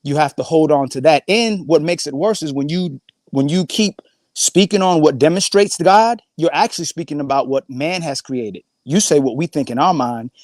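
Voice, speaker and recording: A man's voice: a little high, normal speed, a little mellow, no room sound. A man speaking as a guest in a casual panel debate, slangy and argumentative, building his point step by step.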